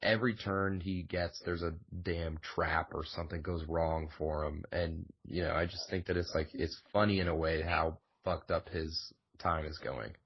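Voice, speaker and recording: A husky man with a fairly low voice chats casually as a podcast co-host. He rambles through his points with lots of fillers and easy swearing. The recording sounds dull and lo-fi. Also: fairly even intonation, moderate pace, hardly any pauses. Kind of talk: casual chat.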